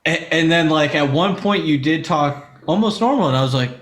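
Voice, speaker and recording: A man hosting a casual podcast chat, animated, laughing often and tripping over his words. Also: fairly high pitch, fairly quick, roomy sound. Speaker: podcast host.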